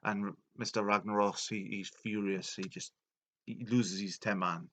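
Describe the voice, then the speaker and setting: A man retelling video game lore as a comedy, rambling and deadpan with many fillers. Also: on the low side, moderate pace, slight background noise.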